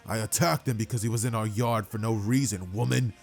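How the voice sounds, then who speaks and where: A man's voice: on the low side, fairly even intonation, brisk, gravelly, faint music behind. A man voicing an arrogant, hot-tempered adult warrior who speaks curtly and dismissively, in a fan-made spoken story. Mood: contemptuous. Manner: curt, dismissive, loud.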